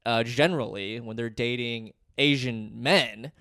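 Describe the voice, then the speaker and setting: A man's voice: medium pitch, a little slow, pushed and bright, clear, resonant tone, dry recording, studio quality. A young man co-hosting a podcast, telling a stand-up anecdote in casual chat and laughing often. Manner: storytelling, laughs often, acts out voices in anecdotes. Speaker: podcast co-host; stand-up comedian.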